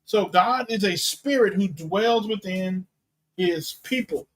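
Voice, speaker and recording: A pastor giving a teaching sermon, reading and explaining Bible verses in a deliberate way and unpacking Greek words. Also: male voice, high voice, fairly bright tone, poor audio. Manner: slow, deliberate Bible exposition with Greek terms.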